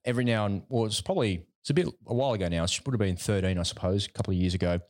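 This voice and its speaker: A man's voice: fairly low pitch, racing, few pauses, darkish tone. A middle-aged man in a casual podcast chat, telling personal stories in a conversational way. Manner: storytelling, conversational.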